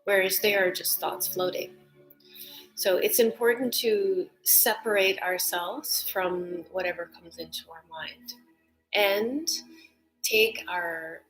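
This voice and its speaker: A woman leading a guided breathing meditation, soft-spoken and calm, often drifting into whispers, then gently teaching. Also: mid-range voice, low-quality recording.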